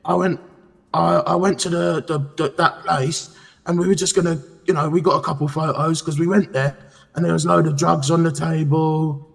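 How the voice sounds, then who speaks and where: A man voices a brash beat cop with a rough, gravelly, husky voice, rambling on and calling everyone mate. His voice trails into a long, ringing reverb. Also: on the high side, fairly even intonation, moderate pace. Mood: defensive. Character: brash, chatty male street cop. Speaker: police officer character. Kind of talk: game role-play.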